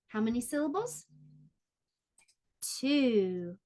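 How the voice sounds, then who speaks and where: Slow sing-song preschool teacher woman. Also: a little high, expressive, slight background noise. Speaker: pre-K teacher. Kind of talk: online preschool lesson.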